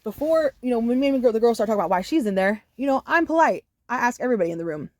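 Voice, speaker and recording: A woman telling a casual storytime monologue to camera, animated and profane, with many "you know"s. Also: fairly high pitch, very fast, no echo. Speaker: storyteller vlogger.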